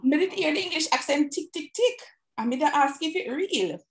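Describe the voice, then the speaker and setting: A Jamaican woman asks questions in a loose, conversational interview and reacts with quick exclamations. Her voice sits somewhat high and moves a lot in pitch. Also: expressive. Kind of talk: casual interview chat in Jamaican Patois.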